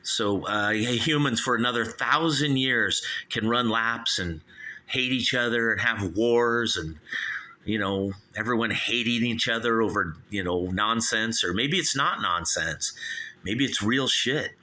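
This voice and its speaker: Guy rambling on his own call-in show, kinda low but super bright voice, keeps plugging the phone number. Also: measured pace. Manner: rambling, acts out both sides of made-up conversations. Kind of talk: rambling comedic monologue. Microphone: studio microphone.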